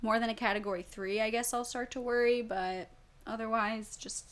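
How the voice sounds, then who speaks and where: A young woman from Tennessee co-hosts a casual podcast. She tells relaxed stories and giggles often. Her voice sits a little high. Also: moderate pace. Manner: giggly, easygoing storytelling. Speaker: podcast co-host. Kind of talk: casual chat.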